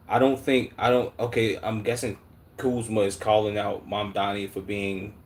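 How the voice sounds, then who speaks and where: A Chicago man reacts to chat on a live stream in a lower-sided voice, blunt and heavy on slang and swearing, calling viewers "gang" and "bro." He thinks aloud with many restarts and repeated words, and a faint hum sits behind him.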